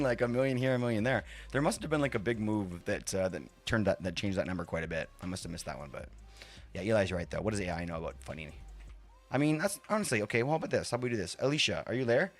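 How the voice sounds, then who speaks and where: A man's voice: fairly low pitch, big pitch swings, quick pace. A man hosting a live stream, chatting casually and rambling between talking to his chat and fiddling with his setup. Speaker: livestream host.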